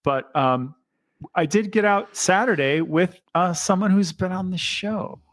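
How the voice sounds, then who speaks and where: A man's voice: high voice, a little slow, no room sound. A man co-hosting a podcast in casual chat, chatty and enthusiastic, joking as he goes. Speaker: podcast co-host.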